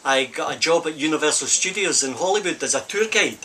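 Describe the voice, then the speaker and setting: An older Scottish stuntman reminisces on a film set during a break, rambling casually through anecdotes and repeating "I says." His fairly high voice is bright and forceful, lively in intonation and a little fast.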